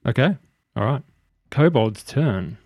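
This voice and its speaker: A man's voice: mid-range voice, takes it slowly, no room sound, clean studio sound. Man narrating as game master. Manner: steady, matter-of-fact rules narration.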